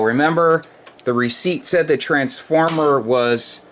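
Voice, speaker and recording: A man's voice: mid-range voice, normal speed, slight background noise. Tired man rambling in his repair shop. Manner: rambling, restarts, talks while testing gear. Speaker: amp repair technician. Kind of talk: casual workshop vlog. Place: repair workshop.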